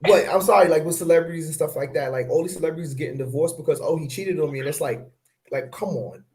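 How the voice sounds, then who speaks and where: A man in a casual podcast discussion who argues his case and fires off rhetorical questions. His voice is mellow and dark, pitched a little high for a man. Fillers keep coming up as he builds his point. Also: fast, a little hiss or hum. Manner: argumentative, rhetorical questions, many fillers like "you know what I'm saying". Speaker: podcast co-host.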